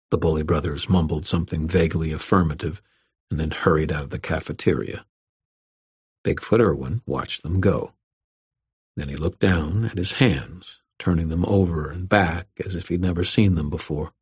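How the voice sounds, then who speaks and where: A man narrating a first-person fantasy audiobook in a steady, measured way. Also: extremely low pitch, breathy edge.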